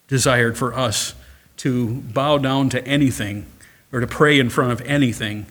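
A man preaching a sermon, reading scripture aloud and rising to loud, emphatic passages. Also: mid-range voice, steady tone, measured pace. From Catholic upbringing. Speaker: pastor.

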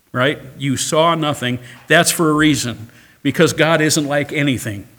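A man preaching a sermon, reading scripture aloud and rising to loud, emphatic passages. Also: fairly high pitch, unhurried. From Catholic upbringing. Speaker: pastor.

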